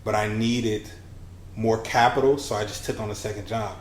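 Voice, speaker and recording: A man in his thirties, a podcast guest and business coach, telling his story in a lively conversational way and acting out the dialogue he quotes. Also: fairly low pitch, moderate pace. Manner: animated, acts out quoted dialogue. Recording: roomy with faint hiss.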